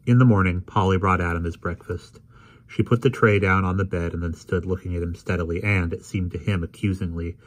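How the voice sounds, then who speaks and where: A man reads a novel aloud in a steady, deliberate way. His voice sits very low. He narrates at an even, unhurried pace. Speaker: reader. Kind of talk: audiobook narration.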